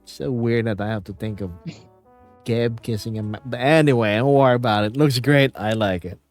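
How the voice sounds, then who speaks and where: A man's voice: mid-range voice, normal speed, faint music behind. A man from the Philippines with a light Filipino accent, chatting playfully and rambling on a live stream from home. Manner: playful, rambling, reads chat aloud. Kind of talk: casual live-stream chat.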